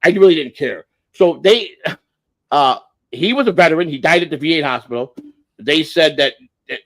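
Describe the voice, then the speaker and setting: A man's voice: fairly high pitch, animated, brisk. A man around sixty telling a family story on a livestream, blunt and profane, repeating and restarting as he goes. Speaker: livestream host.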